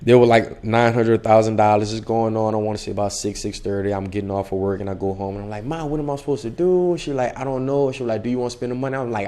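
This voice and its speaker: A young man, an actor, casually telling a story in an interview and acting out the dialogue with lively voices. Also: mid-range voice, fast. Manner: animated, acts out dialogue in the story. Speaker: actor guest.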